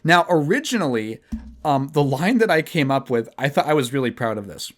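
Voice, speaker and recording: A young male podcast host with a medium-pitched voice talks a little fast, his pitch swinging widely. In casual chat he tells a rambling, profane story that pokes fun at himself.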